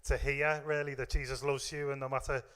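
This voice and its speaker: A man's voice: mid-range voice, little pitch movement, fairly quick, a bit bright, smooth, in a large hall. A man hosting a live youth event stream, enthusiastic and encouraging, with short affirmations.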